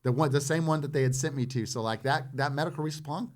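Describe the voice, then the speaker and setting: A man's voice: fairly high pitch, quick pace. Man telling a war story casually. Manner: animated, acts out others' lines in his telling. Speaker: podcast guest, former Marine.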